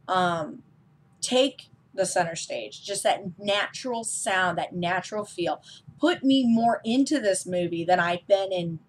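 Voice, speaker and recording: A woman giving a casual, enthusiastic film review as a vlog host, with frequent ums. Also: medium pitch.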